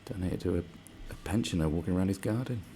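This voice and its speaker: A man's voice: low voice, fast talker, dark tone, slight background noise. A man hosting a live stream, ranting casually with lots of swearing and sarcastic asides. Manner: profane, sarcastic, mocks others in put-on voices.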